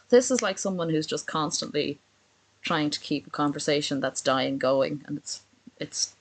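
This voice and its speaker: A woman's voice: low-pitched, measured pace, a little hiss or hum. A woman chatting casually on a live stream, sarcastic and chatty as she reacts and reads messages aloud.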